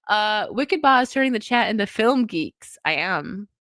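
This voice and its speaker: A woman host, sick but still chatting, rambles through a casual live stream and laughs often. Her pitch sits mid-range and the sound is dry with no room echo. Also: animated, normal speed, few pauses, fairly bright tone.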